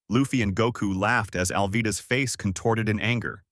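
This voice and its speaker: A man narrating a fan fiction story with lively storytelling. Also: fairly low pitch, normal speed, no echo, studio quality.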